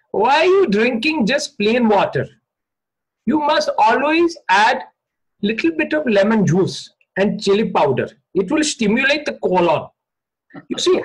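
Man putting on a husky, high-voiced fake guru, preachy broken English, calm and greedy. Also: full character voice, rough recording. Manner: slow sermonizing in broken English. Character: money-grubbing male guru, serene and preachy.

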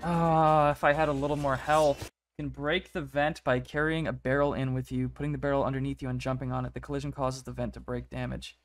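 A man's voice: medium pitch, little pitch movement, brisk. A young man giving casual gameplay commentary, talking to himself and to the characters on screen, begging, cursing and celebrating. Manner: talks to himself and game characters, pleading and swearing. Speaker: gaming YouTuber.

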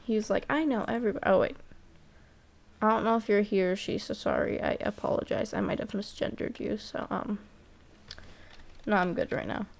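A woman's voice: mid-range voice, steady tone, normal speed, vocal fry, pauses often. A woman playing a cat-clan game and commentating casually, reading the characters' lines aloud and talking back to them sarcastically, swearing now and then. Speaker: gameplay commentator.

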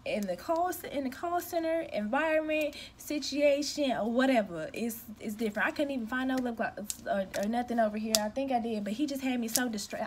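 A young woman with a high voice rants straight at the camera, blunt and emphatic. She talks casually from home, venting in a direct, no-nonsense manner. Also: slight background noise. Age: young adult. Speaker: customer care representative.

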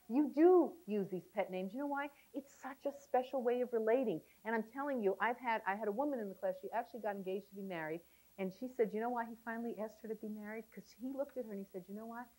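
Bright-voiced female seminar instructor, lively and laughing, coaxing her class to share. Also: fairly high pitch, quick pace, poor audio. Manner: animated, laughing, coaxing the audience. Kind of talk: seminar talk to a live class. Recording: 1990s VHS seminar tape.

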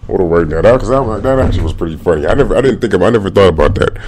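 A man's voice: low-pitched, animated, very fast, a little mellow. A man hosting a podcast, giving casual, rambling movie commentary full of restarts and slang. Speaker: podcast host.

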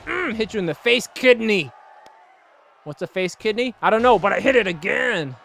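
A young man hosting a gaming video, giving excitable, jokey let's-play commentary and laughing often. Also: high voice, moderate pace, creaky. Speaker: gaming channel host.

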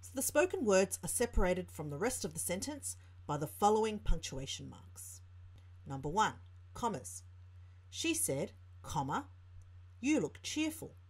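A woman's voice: lowish voice, sing-song, normal speed, breathy edge. A woman tutor with an Australian accent, explaining a writing lesson and reading example sentences aloud. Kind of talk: teaching lesson narration.

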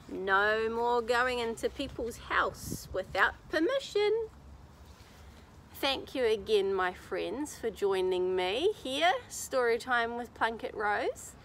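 A woman reading a picture book aloud to children outdoors in a garden, telling it with animated expression. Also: a little high, a little hiss or hum. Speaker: children's story reader.

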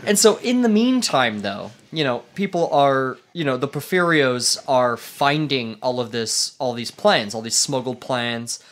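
A man's voice: mid-range voice, animated, measured pace, hardly any pauses, fairly bright tone. A man co-hosting a casual podcast, telling history in a rambling way with fillers and frequent laughs. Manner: rambling, laughs often, many fillers and restarts. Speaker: podcast co-host leading the history topic. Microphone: studio microphone.

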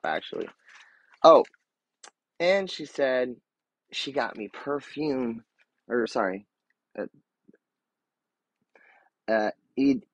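A man in his thirties on a casual live stream, gushing and excitable, full of fillers and restarts, now and then dropping to a soft murmur. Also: lowish voice, slightly rough, no room sound, poor audio.

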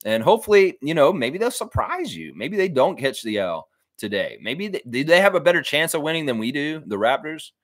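Animated man hosting a fan livestream. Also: a little high, fairly quick, few pauses, no room sound, studio quality. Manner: animated, jokey, puts on voices mid-sentence. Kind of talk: casual livestream chat reading comments.

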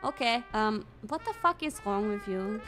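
A young woman from Europe streaming a driving game, excitable and swearing often, breaking into shouts. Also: medium pitch, unhurried. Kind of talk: live gameplay commentary. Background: game music.

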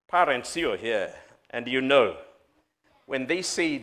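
A man preaching a sermon as pastor, with dramatic calls that rise loud and fall soft. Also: mid-range voice, expressive, moderate pace.

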